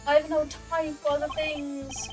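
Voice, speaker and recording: A woman's voice: high voice, little pitch movement, normal speed, music in the background, pitched above the performer's own voice, close to an everyday voice. A woman voicing a haughty, wealthy male art dealer in a pompous, condescending manner.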